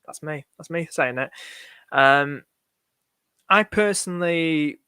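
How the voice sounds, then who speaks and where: A man hosting a live fantasy football stream, answering viewers' questions in a rushed, excitable way and calling everyone "mate". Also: on the high side, clean tone, dry recording. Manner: excitable, rushed, repeats himself, says "mate" a lot.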